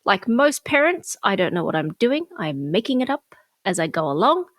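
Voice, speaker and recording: A woman's voice: medium pitch, big pitch swings, normal speed, no room sound, studio quality. A middle-aged woman co-hosting a podcast, candidly telling a personal story in casual chat. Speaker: podcast co-host.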